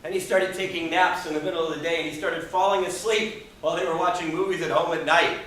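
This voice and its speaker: A Toastmasters speaker, a man with a bright, slightly high voice, talks fast as he gives a motivational speech to a live audience in a meeting room. He is expressive, acts out the people he quotes, and puts questions to the audience. The recording is echoey and made from far off, with a little hiss or hum.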